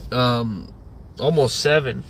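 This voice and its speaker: Bright-voiced man ranting on a livestream. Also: medium pitch, slow, vocal fry, a little hiss or hum. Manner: rambling, profane, many fillers. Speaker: livestream host.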